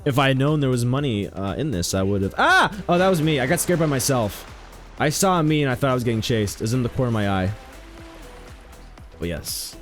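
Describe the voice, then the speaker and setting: A man's voice: mid-range voice, a little fast, faint music behind. A young man chatting casually while streaming a game, joking, rambling and telling stories to his chat. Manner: joking, rambling, animated storytelling.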